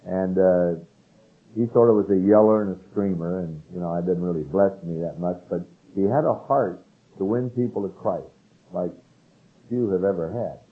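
A man's voice: deep voice, normal speed. An older man from California preaching a sermon, earnest and emphatic as he reads and explains scripture. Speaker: pastor. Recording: narrow phone-like radio broadcast sound.

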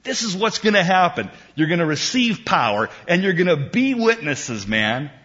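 A middle-aged man preaching a sermon in a church, emphatic and unhurried, with dramatic pauses. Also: sits high, sing-song, sharp tone, lo-fi sound. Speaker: pastor.

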